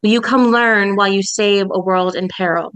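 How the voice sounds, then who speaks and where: A woman voicing a bodiless summoning voice from a magic circle in a tabletop game, asking slow, solemn questions. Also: medium pitch, steady tone, fairly bright tone, clear, resonant tone, no echo, close to an everyday voice, low-quality recording.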